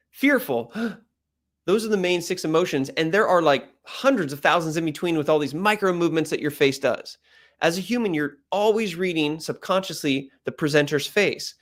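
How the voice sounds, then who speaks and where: A man giving an energetic talk on pitching, loud and animated, deliberately shifting his speed, volume and pitch to make points. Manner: animated, plays with speed, loudness and pitch for emphasis. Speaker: speaker coaching on pitching. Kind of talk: energetic presentation coaching.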